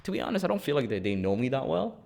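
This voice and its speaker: A young podcast co-host chats casually in a studio, telling funny stories with plenty of laughter and acting out quoted voices. He talks very fast in a gravelly, medium-pitched voice.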